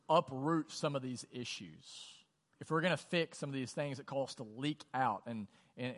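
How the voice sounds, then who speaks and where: A male pastor delivering a sermon in a conversational style, often saying "like" and putting questions to the congregation. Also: mid-range voice. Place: church auditorium. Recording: long church hall reverb.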